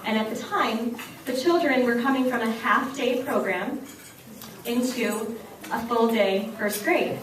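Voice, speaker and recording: High-voiced woman speaking in an echoey banquet hall. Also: measured pace. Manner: lively storyteller, acts out voices of children and herself. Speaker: keynote speaker and teacher. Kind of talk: keynote speech with anecdotes. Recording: echoey hall recorded from far off, dinner noise. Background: clinking cutlery and dishes.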